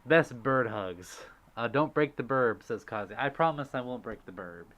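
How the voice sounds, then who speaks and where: A man chatting on a casual livestream, reading viewer messages aloud with a bouncy, sing-song delivery. He is giggly and excitable, leaping up and down in pitch as he gushes his thanks. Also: moderate pace. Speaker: livestream host.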